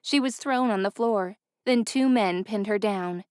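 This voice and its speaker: A woman narrating a fantasy romance audiobook in an even, clear storytelling voice. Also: medium pitch, unhurried, no room sound, studio quality. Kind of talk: scripted narration.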